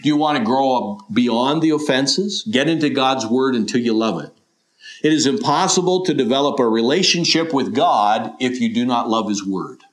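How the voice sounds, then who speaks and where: A man's voice: medium pitch, lively intonation, normal speed. Earnest preaching man. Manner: earnest, questioning preaching with quoted imagined voices. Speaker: pastor. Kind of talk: sermon.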